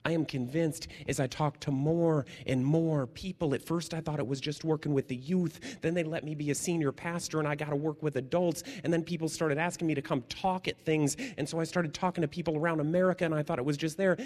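Man preaching, pastor, fairly high voice, lively storytelling, hushed slow emphasis. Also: big-room sound. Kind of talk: sermon.

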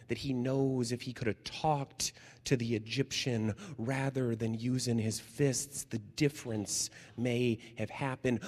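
A man pastor preaching a sermon, telling stories with energy and dropping to hushed, slow tones for emphasis. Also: medium pitch, big-room sound.

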